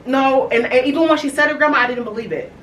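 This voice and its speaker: A woman in her thirties speaks candidly and haltingly, stopping and restarting as she tells a personal family story. She sits some distance from the mic in an echoey room, with a faint hiss underneath. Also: high-pitched, a bit bright. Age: 30s. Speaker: podcast host.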